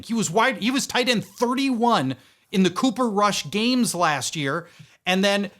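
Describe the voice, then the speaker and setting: A male podcast host with a lively, swooping voice and a bright edge to his tone. He talks through sports stats with emphatic, playful punch, leaning hard on key words. His pitch sits a little higher than most men's. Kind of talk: fantasy sports podcast chat.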